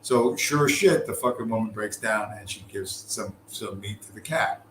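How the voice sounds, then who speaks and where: In a fairly bright, lowish voice at normal speed, a middle-aged American man tells a long, rambling, profanity-laced story on his podcast. It's casual talk, peppered with fillers and restarts, recorded in a roomy space with faint background noise.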